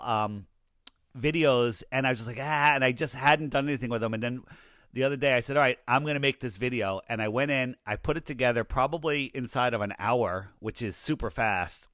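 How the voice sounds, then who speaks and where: A man talking casually as an interview guest, telling anecdotes in an animated way and acting out the dialogue he quotes. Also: medium pitch, dry recording, studio quality. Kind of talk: casual conversation.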